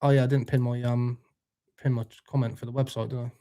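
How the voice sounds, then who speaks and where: A young British man hosts a casual live stream, reading out viewer comments as they come in. He talks in a loose, laid-back way and drops in jokes and swearing with ease. His voice sits at an ordinary pitch for a man. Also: little pitch movement, quick pace, warm tone. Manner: laid-back, swears freely, jokey banter with chat. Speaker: livestream host.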